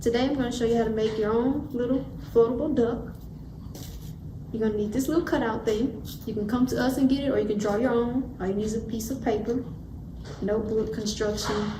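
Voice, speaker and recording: A woman presenting a craft tutorial with casual, upbeat instructions. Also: fairly high pitch. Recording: echoey room with background noise.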